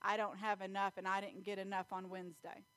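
A woman preaching a sermon in church, telling stories and acting out scenes with loud animated bursts. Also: mid-range voice, fairly quick, dry recording. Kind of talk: sermon with storytelling.

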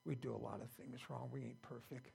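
A man's voice: medium pitch, steady tone, fairly quick, vocal fry, dark tone. An older man preaching an informal sermon as the founder of his church, plain-spoken and folksy, often repeating himself.

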